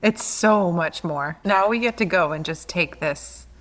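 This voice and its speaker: A woman's voice: on the low side, unhurried, in a large hall. A woman co-hosting a reflective podcast, searching for words as she reflects. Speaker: podcast co-host. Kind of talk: reflective conversation.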